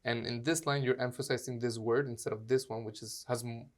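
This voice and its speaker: A Canadian actor and acting coach, appearing as an interview guest, tells stories casually in a medium-pitched, steady voice at a fairly quick pace. He acts out quoted dialogue and uses lots of fillers.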